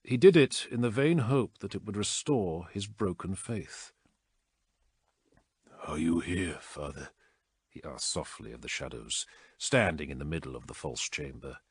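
A man reading a war story aloud as narrator, in measured, dramatic storytelling. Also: sits low, husky, no room sound, clean studio sound. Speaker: audiobook narrator. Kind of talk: scripted narration.

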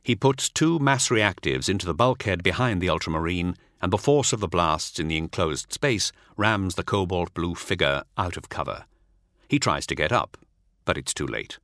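A man narrating an audiobook in a measured, dramatic storytelling manner. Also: deep voice, animated, a bit bright, dry recording, clean studio sound.

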